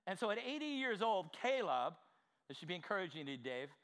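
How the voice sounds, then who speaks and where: A man preaching a sermon with fervor, asking the congregation direct questions and swinging from quiet asides to shouted exclamations. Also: high voice, very animated, a little fast. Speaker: pastor.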